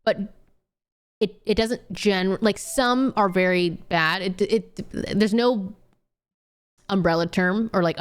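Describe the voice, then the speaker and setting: Young woman streamer, smooth clear voice, blunt and sweary, scolds with a grin. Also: mid-range voice. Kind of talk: casual chat with viewers.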